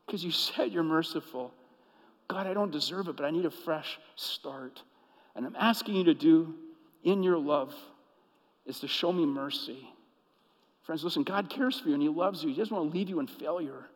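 A man preaching a sermon as pastor, telling stories and moving between hushed, intimate passages and emphatic, rising ones. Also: fairly high pitch, moderate pace, long reverb tail, poor audio.

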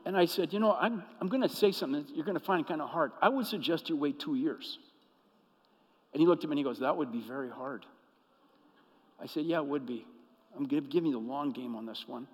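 A man preaching a sermon as pastor, telling stories and moving between hushed, intimate passages and emphatic, rising ones. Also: fairly high pitch, brisk, big-room sound, poor audio.

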